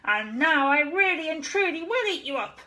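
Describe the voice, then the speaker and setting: A woman voicing a playful father pretending to be a hungry monster, with loud, teasing, drawn-out threats. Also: high-pitched, animated, pitched above the performer's own voice. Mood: roaring.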